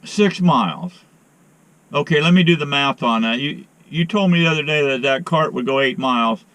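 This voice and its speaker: A man's voice: medium pitch, animated, moderate pace, fairly bright tone, no room sound. A middle-aged man with a sore arm, talking in a folksy, rambling way to his viewers and getting exasperated on a phone call. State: sore arm after a shot. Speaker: outdoor vlogger and beekeeper. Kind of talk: casual vlog talk to viewers.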